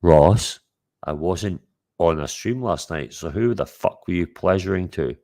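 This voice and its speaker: Scottish male streamer, low-pitched, boisterous sweary host type. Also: animated, a little slow, a little mellow. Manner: boisterous and sweary, calling out to chat and viewers. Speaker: livestream host. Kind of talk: casual livestream chat.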